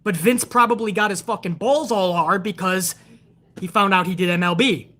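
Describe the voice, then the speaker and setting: A woman's voice: mid-range voice, moderate pace, fairly bright tone. A woman hosting a show, ranting hard with profanity about wrestling and answering viewers in a live chat. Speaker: show host.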